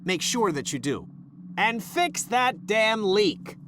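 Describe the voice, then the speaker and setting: A man's voice: high voice, sing-song, slow pace, a bit bright, heavily acted. An actor voicing an irritable, bossy male scientist in a video game, snapping insults and then grudgingly apologizing. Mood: angry. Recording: game audio with background noise.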